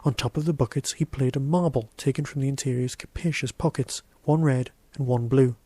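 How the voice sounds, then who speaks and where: A man's voice: mid-range voice, steady tone, fairly quick, hardly any pauses, mellow, slightly rough, no echo. Man reading a short story, dry. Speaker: podcast host reading his story. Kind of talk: audiobook-style story narration.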